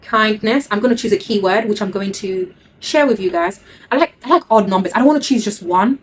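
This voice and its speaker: Earnest woman, thirties, mid-pitched, speaks from the heart and circles back on her points. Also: fairly quick, slight background noise. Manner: earnest, heartfelt, repeats words for emphasis. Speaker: vlogger. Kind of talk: personal story time.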